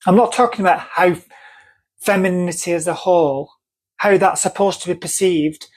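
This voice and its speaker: Earnest woman with a North Manchester accent. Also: lowish voice. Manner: earnest, emphatic, repeats herself for stress. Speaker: vlogger. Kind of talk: personal story told to camera.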